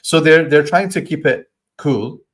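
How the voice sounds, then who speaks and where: A man teaching a Quran study session, explaining verses with thoughtful pauses and reciting Arabic lines quickly. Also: a little high. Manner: thoughtful, stops to search for words, acts out voices in quoted lines.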